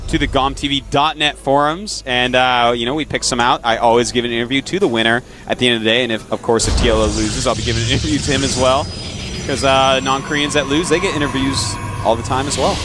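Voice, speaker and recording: A man's voice: mid-range voice, steady tone, fast talker, background noise. A man casting a live video game match, bantering playfully with his co-host. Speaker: esports caster.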